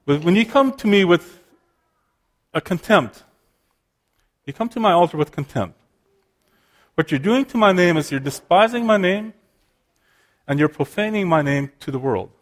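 A man's voice: sits high, animated, moderate pace, long pauses. A man preaching a sermon, explaining scripture earnestly and often restarting his phrases.

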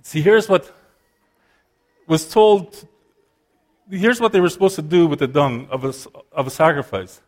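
A man delivering a sermon with a somewhat high-pitched voice. He explains scripture earnestly and restarts phrases as he works through a point. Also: measured pace, pauses often. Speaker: preacher.

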